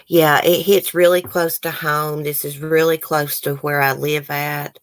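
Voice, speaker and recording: A woman's voice: deep voice, level tone, measured pace, no room sound. A woman hosting a true crime livestream, near tears, sighing and talking to viewers in the chat. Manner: emotional, tearful, sighing, talks to chat. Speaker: true crime channel host. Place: home, near the case area.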